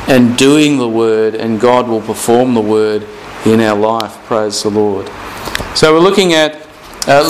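A man preaching a sermon, slowing down and repeating scripture phrases for emphasis. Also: medium pitch, slight background noise, rough recording. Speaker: pastor.

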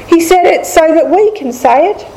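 A woman gives a slow, deliberate Bible teaching, repeating each key line. Her voice sits high but mellow and soft-edged. A faint hum of room ambience runs behind her. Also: animated, low-quality recording. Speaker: preacher.

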